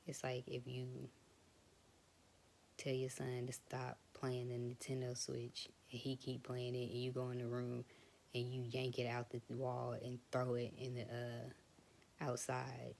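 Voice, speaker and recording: A woman's voice: a bass voice, vocal fry. Young woman vlogger, frank casual talk, faint hiss behind her. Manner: frank, conversational, drifts into soft whispers. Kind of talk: casual personal talk to camera.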